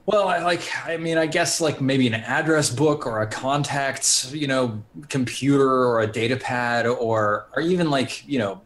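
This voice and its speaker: A man's voice: mid-range voice, moderate pace, few pauses, a bit bright. A man plays in a tabletop game, hesitant and thinking aloud as he describes his search. His voice sits mid-range with a faint ambient hum behind it. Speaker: player. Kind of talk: tabletop role-play, casual.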